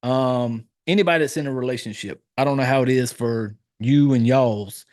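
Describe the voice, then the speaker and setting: A man's voice: mid-range voice, moderate pace, darkish tone. A married man hosting a horror movie podcast, recapping scenes in casual chat and acting out the characters' lines in a raised voice. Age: adult, married. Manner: loose, profane storytelling, acting out lines in a raised voice. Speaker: podcast host reviewing a horror film.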